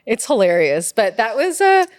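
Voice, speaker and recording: Animated woman telling funny stories. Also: on the high side, normal speed, dry recording, clean studio sound. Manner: animated, laughs often, mimics her parents' voices; heavy use of "like" as filler. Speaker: podcast guest, puppeteer. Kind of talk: casual conversational storytelling.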